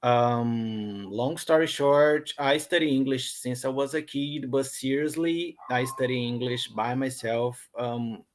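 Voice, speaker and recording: A man's voice: mid-range voice, fairly even intonation, takes it slowly, hardly any pauses, slight background noise. A young Brazilian man with a Brazilian accent, a Portuguese speaker talking in English on a video call as a student, hesitant and full of fillers and restarts. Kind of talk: online English lesson conversation. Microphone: computer headset or laptop mic on a video call.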